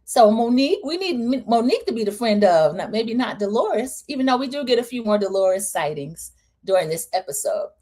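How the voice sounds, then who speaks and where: A woman's voice: on the high side, fairly quick. A woman hosting a casual, opinionated reality TV recap, talking in a chatty way and acting out what the cast said. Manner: chatty, opinionated, animated quoting of cast members. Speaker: host.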